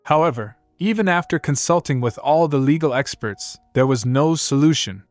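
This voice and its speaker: A man's voice: fairly high pitch, lively intonation, normal speed, no echo, soft background music, lightly acted. A man voicing a vain, petty young king who blusters indignantly, in a comic recap story. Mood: bitter.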